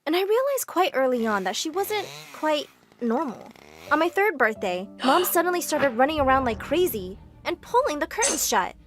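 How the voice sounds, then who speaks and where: A woman tells an animated story in the first person, with a high and very lively voice. Her delivery is brisk and expressive, and soft music runs underneath. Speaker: narrator.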